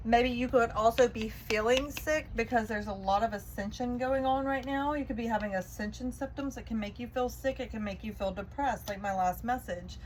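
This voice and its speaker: A woman's voice: a little high, slight background noise, low-quality recording. Upbeat woman tarot reader. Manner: encouraging, chatty, keeps asking "okay?". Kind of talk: spiritual tarot reading.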